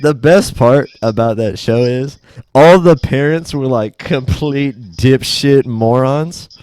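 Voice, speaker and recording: A man's voice: mid-range voice, takes it slowly, a little mellow, smooth. A young man co-hosting a podcast in casual chat, retelling sketches animatedly in goofy voices and swearing freely. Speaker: podcast co-host.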